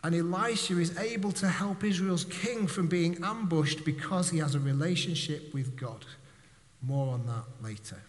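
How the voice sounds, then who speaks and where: A man's voice: fairly high pitch, normal speed, long reverb tail. A male preacher giving a conversational sermon with jokes and direct questions to his congregation.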